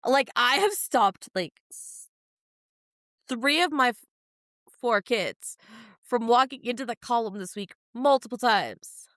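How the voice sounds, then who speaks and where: A woman co-hosting a podcast in casual chat, blunt and quick with swearing asides. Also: a little high, lively intonation, a bit bright, no echo, studio quality. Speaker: podcast co-host.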